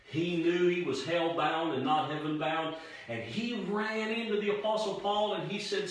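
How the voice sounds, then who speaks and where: A man preaching an evangelistic sermon, with emphatic, dramatic pauses. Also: high voice. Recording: very echoey room, voice far from mic.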